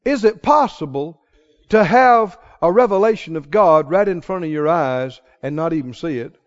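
A man preaching a sermon dramatically, asking the congregation questions and swinging between loud exclaims and hushed lines. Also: on the high side, expressive, moderate pace. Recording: dull lo-fi sound.

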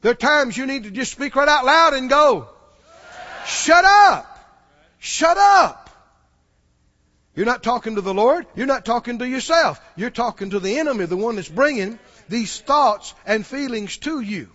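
A man preaching a sermon, moving from hushed storytelling to shouted exhortation and chuckling as he goes. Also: very high-pitched, lively intonation, moderate pace, hardly any pauses, lo-fi sound.

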